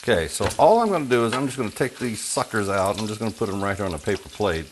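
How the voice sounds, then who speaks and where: In his home kitchen, a Texas man demonstrates a recipe with folksy jokes and chatter while bacon sizzles and fries. His voice is on the low side, animated and fast, and the rough recording carries a little hiss or hum.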